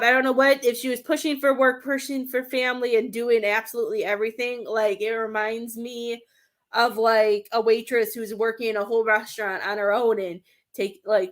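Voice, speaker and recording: A woman doing a live-stream reading as a medium, talking in a rambling, hesitant way and searching for words. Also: a little high. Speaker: psychic medium.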